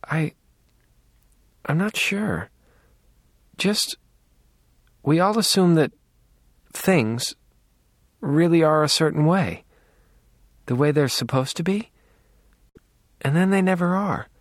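A man's voice: on the high side, animated, takes it slowly, pauses often, no echo, clean studio sound, pitched above the performer's own voice. A man doing a hesitant, earnest young woman. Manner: hesitant, searching, trailing off.

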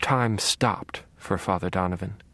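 Slow, low-voiced male audiobook narrator. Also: no echo. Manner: quiet, menacing, measured delivery. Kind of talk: first-person audiobook narration.

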